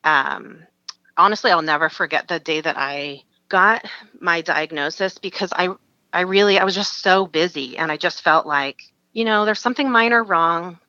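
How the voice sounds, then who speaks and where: A woman's voice: sits low, normal speed, pushed and bright, dry recording, dull audio. A woman from Alaska, a podcast guest, frankly telling a personal story in an interview and laughing through hard memories.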